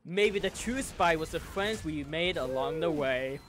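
A man hosting a gaming video, chatting casually and swearing excitedly as he plays. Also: a little high, measured pace, slight background noise. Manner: excitable, swearing, laughing outbursts. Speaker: gamer and channel host.

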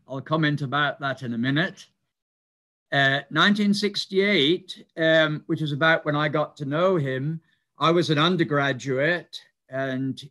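An older man giving a reminiscing lecture, speaking in a measured, explanatory way with some hesitant fillers. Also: a little high, pushed and bright. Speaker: mathematician giving a talk.

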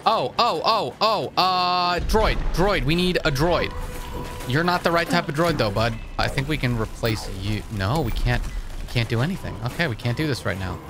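A young man giving excitable, jokey gameplay commentary and swearing often. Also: on the high side, normal speed. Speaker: gaming channel host. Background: game music and sounds.

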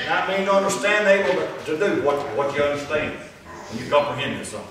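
A man preaching a sermon, emphatic and repeating his points, slowing down to read scripture. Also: on the high side, expressive, a bit bright, a little hiss or hum. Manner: emphatic, repeats lines, reads scripture slowly. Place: church. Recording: echoey church room, distant mic.

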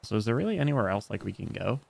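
A man's voice: fairly low pitch, sing-song, very fast, gravelly, no echo. A young man streaming a video game, rambling and joking with his chat while he plays. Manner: rambling, jokey, talks to chat while playing. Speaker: VTuber streamer. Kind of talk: casual gaming livestream chat.

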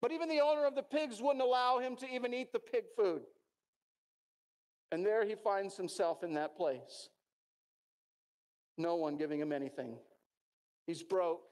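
A man's voice: high-pitched, a little mellow. A middle-aged man with an American accent, preaching a sermon in a church and telling stories earnestly, with many restarts. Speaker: pastor.

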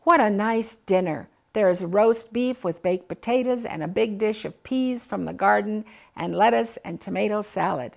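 An older woman reading a children's picture book aloud, gently voicing the animals and family. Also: mid-range voice, normal speed, vocal fry, few pauses. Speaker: storybook reader.

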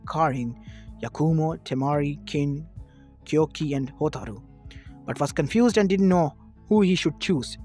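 A man narrates a fan-written story in a plain reading voice, stumbling and restarting now and then. His pitch is a little high, and faint lo-fi music runs beneath the reading. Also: darkish tone. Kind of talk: reading fan fiction aloud.

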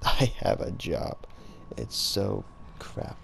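A man's voice: lowish voice, very animated, slow pace, gravelly, a bit bright, slight background noise. A tired, sleep-deprived young man giving jokey let's-play commentary, muttering and swearing to himself. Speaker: gaming commentator. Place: at home at night.

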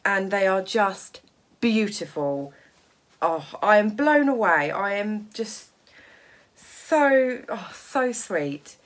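Excitable woman, lively voice. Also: mid-range voice. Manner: gushing, excitable, laughs often. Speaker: sewing vlogger. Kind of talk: casual unboxing vlog.

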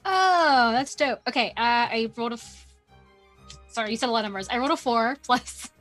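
A woman's voice: on the high side, fairly quick, fairly bright tone, faint music behind. A woman playing in a tabletop role-playing game, chatty and laughing, often correcting herself mid-sentence. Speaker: player. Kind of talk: casual tabletop game play.

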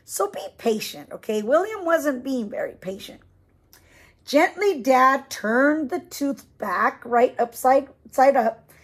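A woman's voice: high-pitched, expressive, takes it slowly, husky. A woman teacher reading a picture book aloud to young children, stopping to ask questions and explain. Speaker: preschool teacher.

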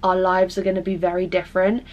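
A woman's voice: lowish voice, completely flat delivery, fast, dull audio. A young woman in her twenties talking in a rambling, emotional way, full of fillers and casual swearing, as she vlogs while doing her makeup. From England. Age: 20s. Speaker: vlogger.

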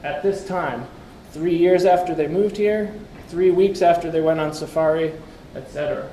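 A man's voice: on the high side, moderate pace, warm tone, slight background noise. A man giving a conversational lecture with slides, asking the audience questions and tossing in wry asides. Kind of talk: conference talk with slides. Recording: echoey room, faint background ambience.

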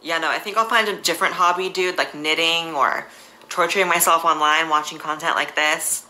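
A woman's voice: low voice, fairly even intonation, brisk, over music, low-quality recording. A woman giving sarcastic, mocking commentary in a video. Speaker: commentary youtuber.

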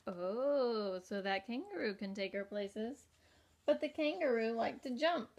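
Slow, gentle woman reading to kids. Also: on the high side. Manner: gentle, slow and expressive, asking the listener questions. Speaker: teacher. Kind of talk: reading a picture book aloud to young children.

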